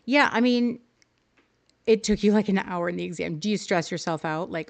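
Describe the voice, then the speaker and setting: A woman's voice: medium pitch, moderate pace, vocal fry. A woman hosting a live stream, coaching her viewers through decorating choices in a friendly, upbeat way and answering chat as she goes. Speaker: livestream host teaching game decorating.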